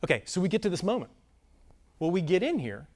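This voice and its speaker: A man leading a live filmmaking workshop for an audience, talking in a rambling, self-deprecating, animated way. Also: high voice, fast talker. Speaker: workshop presenter. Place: conference room before a live audience.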